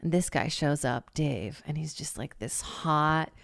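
Animated, swearing woman telling a story. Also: sits low, measured pace, vocal fry, dry recording, studio quality. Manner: animated, swears freely, acts out quoted lines loudly; heavy use of filler "like". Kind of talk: casual storytelling.

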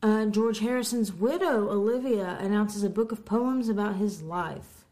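Woman podcast co-host, casual news roundup, trips on a word now and then, mid-pitched. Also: warm tone. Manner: reads headlines, stumbles on words, quick asides. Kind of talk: casual chat reading music news.

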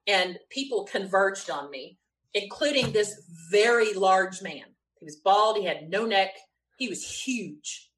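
A woman with a Southern US accent, a guest telling an animated story, laughing often and acting out what people said. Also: mid-range voice, fairly quick. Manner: lively, frequent laughs, acts out quotes.

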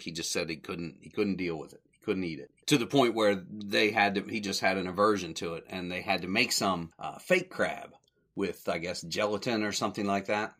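A man casually recapping on his podcast, rambling and correcting himself as he goes. His voice sits a bit low but has a bright, forward edge. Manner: rambling, self-correcting, chuckles at the jokes. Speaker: podcast host.

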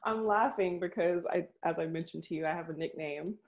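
Young woman, low voice, casual talk, reflective, laughs easily. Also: steady tone, fairly quick, a little mellow. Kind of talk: casual conversation.

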